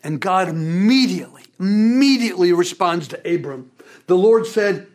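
Animated preacher delivering a sermon. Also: normal speed. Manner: animated preaching with big pitch swings and repeated words. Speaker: pastor.

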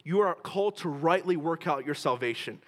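A male pastor preaches in a slightly high voice, pressing his points by repeating them. He sometimes drops to a slow, quiet delivery for emphasis. His words ring with the long reverb of a large hall. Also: lively intonation. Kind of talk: sermon.

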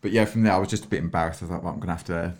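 A man's voice: low voice, fairly even intonation, rapid-fire. A young man from England with a London accent, telling stories in a casual chat as a podcast co-host, laughing often and slipping into camp put-on voices. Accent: London English.

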